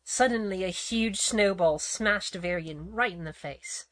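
A woman's voice: medium pitch, a little slow, no room sound. A woman co-hosting a comic read-along of a children's book, breaking in with wry, playful asides. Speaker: co-host reading a children's book.

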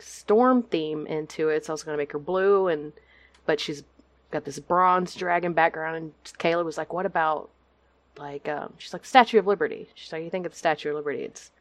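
Woman, low voice, dry close sound, podcast guest on a video call, chatty with fillers. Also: brisk, fairly bright tone, dry recording. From Texas. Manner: chatty, lots of fillers and laughs. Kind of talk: casual chat.

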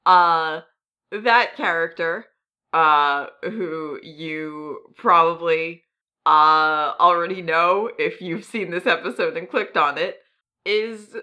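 A woman with a lowish voice co-hosts a podcast, chatting casually at a slow pace in a pushed, bright tone. She's hesitant, using many ums and making self-deprecating asides.

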